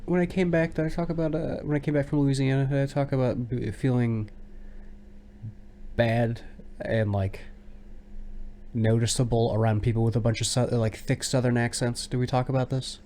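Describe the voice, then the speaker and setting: A man's voice: medium pitch, steady tone, normal speed, mellow, a little hiss or hum. An American man co-hosting a casual podcast, musing in a self-deprecating, conversational way. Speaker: podcast co-host.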